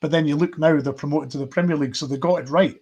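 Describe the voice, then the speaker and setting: A man's voice: on the high side, fairly even intonation, rapid-fire, darkish tone, slightly rough. A man hosting a casual football fan podcast, reading out viewer messages and musing with fillers and restarts. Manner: thoughtful, rambling with fillers and sighs.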